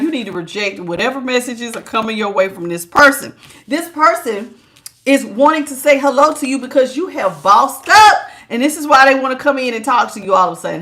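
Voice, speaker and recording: A woman giving a live-streamed tarot reading in a chatty, teasing way. She laughs often and calls her listeners child and honey. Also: a little high. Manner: lively, teasing, talks straight to viewers. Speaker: tarot reader.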